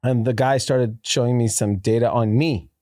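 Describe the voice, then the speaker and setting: Animated storytelling man, dry sound. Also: mid-range voice, normal speed, no room sound. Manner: animated storyteller, laughs often, swears. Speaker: podcast co-host. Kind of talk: casual chat.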